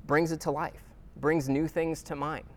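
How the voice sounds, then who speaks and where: A man's voice: on the high side, little pitch movement, a little slow. A man teaching a weekly Bible study class in a casual, conversational way, with many fillers and restarts and check-ins with his listeners.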